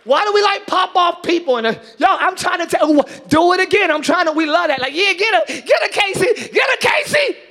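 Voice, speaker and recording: High-pitched, shouting preacher man. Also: fairly quick, vocal fry, few pauses. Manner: animated preaching, shouting and acting out scenes. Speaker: pastor. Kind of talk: sermon. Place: church.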